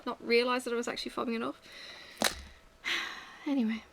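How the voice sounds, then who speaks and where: A woman's voice: fairly high pitch, little pitch movement, a little fast, vocal fry, background noise. A middle-aged woman chatting candidly and rambling as she works, swearing freely. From Australia. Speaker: vlogger. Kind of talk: casual chat while working.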